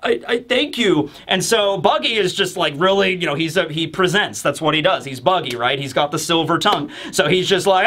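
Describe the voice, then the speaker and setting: A man hosts a casual review and retells scenes with animated energy, acting them out as he goes. His voice is fairly high and bright, and his speech is loose and chatty. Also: brisk, few pauses. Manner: animated, storytelling, acts out scenes. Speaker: host. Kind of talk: casual manga chapter review.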